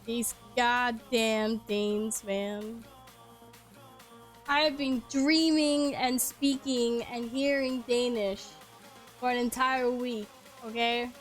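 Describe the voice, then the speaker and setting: A woman's voice: on the high side, fairly even intonation, takes it slowly, soft background music. A woman from Sweden, chatting casually on stream through a headset, swearing and laughing often. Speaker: game streamer.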